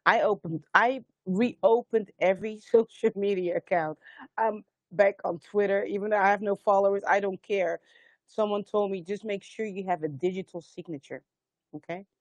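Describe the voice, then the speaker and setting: A woman's voice: mid-range voice, fairly even intonation, normal speed, no echo. A woman hosting a live spiritual stream, telling stories earnestly and rambling with many restarts, urging listeners to stand strong. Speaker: host of a live sound healing stream. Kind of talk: spiritual livestream talk.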